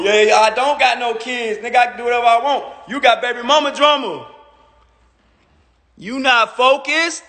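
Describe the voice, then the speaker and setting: A man's voice: extremely high pitch, animated, normal speed, pushed and bright. A man in his thirties on a phone livestream, boastfully mocking a rival with repetitive jabs. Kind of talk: taunting livestream rant. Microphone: phone mic. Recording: long echoey reverb.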